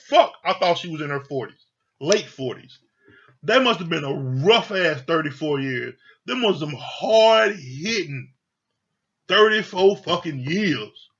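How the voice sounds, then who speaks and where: A man's voice: fairly high pitch, fairly bright tone, slightly rough. Blunt, profane man ranting on a dull recording. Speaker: reality TV reviewer. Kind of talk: casual ranting review. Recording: dull lo-fi sound.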